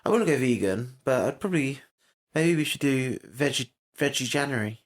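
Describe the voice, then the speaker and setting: Expressive and brisk, the mid-range voice comes from a young podcast co-host giving a casual review of a TV episode. He speaks bluntly and doesn't hold back on swearing.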